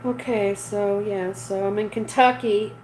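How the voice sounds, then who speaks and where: A woman's voice: mid-range voice, fairly even intonation, measured pace, a little mellow, a little hiss or hum, low-quality recording. Chatty woman livestreaming to her viewers. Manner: chatty, reads viewer comments aloud, laughs often. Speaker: livestream host. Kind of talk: casual live chat with viewers.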